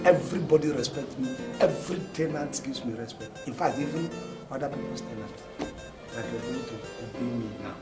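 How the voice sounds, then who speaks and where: A man's voice: mid-range voice, moderate pace, natural voice. A man playing a boastful, self-important landlord association president in a comedy film. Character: boastful pompous male landlord president, middle-aged. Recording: film scene with music playing.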